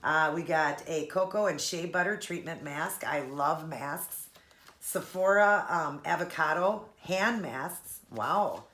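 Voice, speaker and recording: A woman in her forties, a vlogger chatting casually while unboxing a gift, gushing and sentimental with breathy laughs. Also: low voice, slow pace, a bit bright. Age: 40s.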